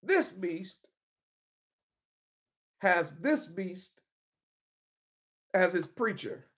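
A woman's voice: fairly low pitch, lively intonation, extremely slow. A woman teaching from the Bible in an informal sermon style, emphatic, repeating key words and calling on listeners by name.

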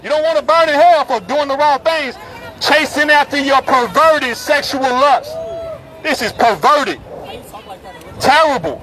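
High-voiced man preaching on a loud street. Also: measured pace, low-quality recording. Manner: forceful and repetitive, calls out passersby. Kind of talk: open-air street preaching. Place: busy city street outdoors. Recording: street crowd and traffic noise. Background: crowd chatter and passing vehicles.

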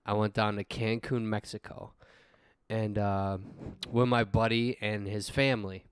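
A man's voice: lowish voice, little pitch movement, unhurried, smooth, dry recording. Man, thirties, podcast co-host, profane storyteller, laughing, dry close sound. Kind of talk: casual storytelling.

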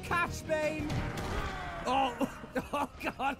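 A woman's voice: high voice, expressive, takes it slowly. Shrieking, laughing woman gamer. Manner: loud, laughing, swearing, shrieking reactions. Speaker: gaming streamer. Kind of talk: gameplay commentary. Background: game music.

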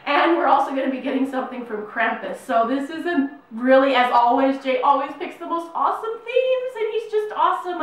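A woman's voice: a little high, fairly bright tone. Bubbly woman in an echoey room. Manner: bubbly, gushing, chatty with many fillers. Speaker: YouTube unboxing host. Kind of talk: casual unboxing vlog. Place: home room, in New Mexico. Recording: very echoey room, mic at a distance.

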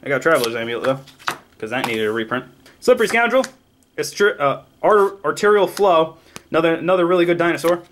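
An excitable man rattles off card names while opening packs, joking as he goes. His voice sits a little high for a man. Faint shuffling of cards runs in the background. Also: brisk, slight background noise. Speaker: card pack opening vlogger. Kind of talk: casual card unboxing commentary.

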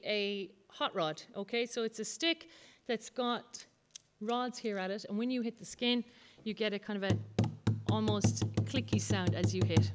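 A woman's voice: medium pitch, clear, resonant tone. A woman with an Irish accent teaching the bodhrán, patiently explaining and counting the beats aloud. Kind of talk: music lesson demonstration. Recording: loud drumming behind the voice.

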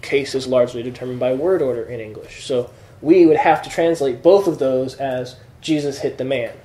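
A man's voice: medium pitch, normal speed, warm tone. A man teaching a classroom lesson, explaining patiently and checking that students follow. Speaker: Greek teacher. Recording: echoey room.

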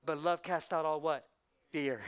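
Animated preaching man, clear voice. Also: fairly high pitch, unhurried. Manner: swings from hushed intensity to loud preaching; drops Spanish words into English. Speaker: pastor. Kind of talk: sermon. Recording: church sermon on a live mic.

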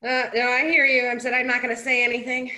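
A woman's voice: on the high side, flat delivery, fast talker, sharp tone. A woman co-host tossing out dry, wisecracking asides in casual banter. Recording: echoey room.

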